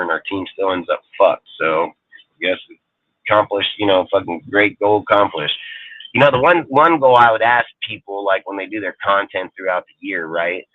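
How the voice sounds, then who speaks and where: A man's voice: fairly low pitch, no room sound. A man hosting a fan live show, ranting heatedly with lots of swearing. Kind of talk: livestream fan rant. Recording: tinny phone-like dry sound.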